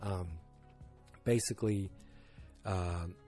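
A man's voice: sits low, fairly even intonation, takes it slowly, mellow, faint music behind. A man hosting a podcast, recapping a TV episode in a casual, rambling and enthusiastic way. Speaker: podcast host.

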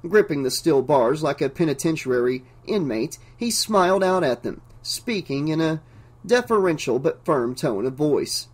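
A man narrating an audiobook in a measured, even storytelling manner. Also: fairly high pitch, breathy edge.

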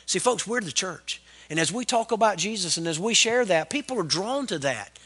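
A man's voice: high voice, expressive, normal speed, fairly bright tone, husky. A middle-aged man preaching a sermon as pastor, fervent and calling out for amens. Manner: fervent preaching with call-and-response "Amen?".

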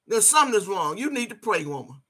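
A woman's voice: medium pitch, big pitch swings, fast talker, bright, forceful tone, husky. An older woman ranting on camera in heated, scolding commentary, cursing freely and repeating her phrases for emphasis. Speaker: video blogger.

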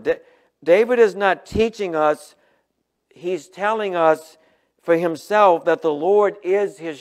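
Male pastor, sermon, earnest, emphatic, slows for scripture, slightly high-pitched voice. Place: church, livestreamed sermon.

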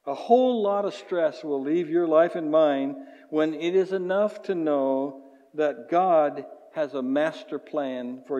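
Lively pastor preaching in a reverberant hall. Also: male voice, mid-range voice, dull audio. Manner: animated, acts out voices, chuckles often. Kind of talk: sermon. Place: church sanctuary.

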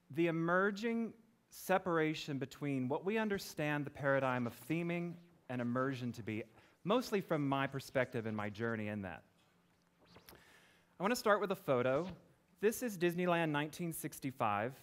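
A man from Florida giving a conference presentation to an audience, telling personal stories with light jokes. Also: on the high side. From Florida, USA. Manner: personal, joking storytelling. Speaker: conference speaker. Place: conference stage before an audience.

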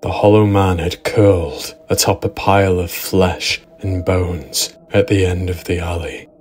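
A man narrating a first-person horror story in a steady, dramatic storytelling manner. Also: low voice, unhurried, faint music behind. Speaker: narrator and writer.

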